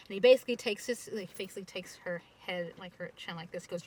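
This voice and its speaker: A woman telling a family story casually, full of fillers and animated asides. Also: on the low side, brisk, hardly any pauses, slight background noise, poor audio. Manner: chatty, many fillers, animated.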